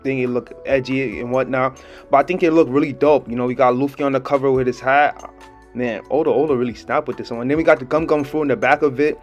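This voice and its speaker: Excited young man with a slangy review style. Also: mid-range voice, quick pace, highs cut off, faint music behind. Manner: excited, slangy, laughs often. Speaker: manga chapter reviewer. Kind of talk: casual video review.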